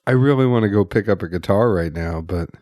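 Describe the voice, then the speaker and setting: Animated joking man co-host. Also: sits low, quick pace, dry recording, studio quality. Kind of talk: casual banter podcast.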